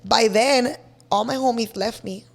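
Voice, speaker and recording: A woman from with a fairly high voice. She tells her stories as a guest in a casual interview, brash and full of swearing. She mixes in Spanish words as she goes. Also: measured pace, vocal fry. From East Los Angeles. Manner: brash, profane, animated storyteller mixing in Spanish words. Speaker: podcast guest.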